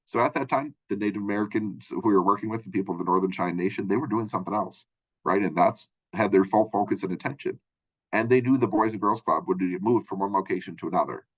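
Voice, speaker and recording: A college lecturer with a deep, low-set male voice talks quickly through his lesson. He keeps it conversational and tosses in "right?" and "you know" as he goes. The recording sounds dull and lo-fi. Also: fairly bright tone. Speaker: college communication instructor. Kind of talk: recorded textbook chapter lecture. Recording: dull lo-fi audio.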